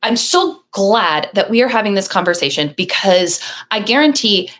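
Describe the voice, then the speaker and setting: A woman's voice: medium pitch, big pitch swings, normal speed, fairly bright tone. A woman hosting a podcast, talking in an emphatic, enthusiastic way. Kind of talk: casual podcast conversation.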